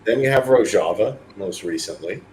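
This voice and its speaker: A man's voice: fairly low pitch, expressive, normal speed, a little mellow, a little hiss or hum, poor audio. A man talking casually as a podcast co-host, rambling through lists of examples over an online voice call. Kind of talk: casual discussion.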